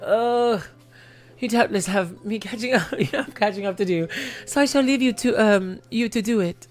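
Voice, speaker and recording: A woman voicing an earnest young guard captain, reading formal game lines quickly and choked up. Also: mid-range voice, a little mellow, lightly acted.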